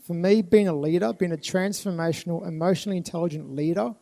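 High-voiced earnest man. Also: quick pace, vocal fry, dark tone. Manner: earnest, repetitive emphasis. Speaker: speaker at a youth festival. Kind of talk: live motivational talk. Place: live event venue with an audience.

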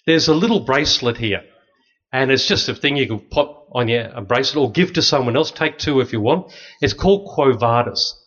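A middle-aged man, a priest, telling lively stories with dry humor to an audience. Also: mid-range voice, a little fast. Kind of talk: storytelling talk to an audience. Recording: slightly dull lo-fi recording.

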